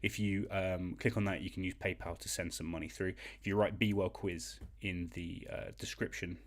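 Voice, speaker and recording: A man hosting a relaxed online quiz from home, his voice sitting fairly low. He talks in a chatty, self-deprecating way, full of ums and little asides. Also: moderate pace. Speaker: quiz host.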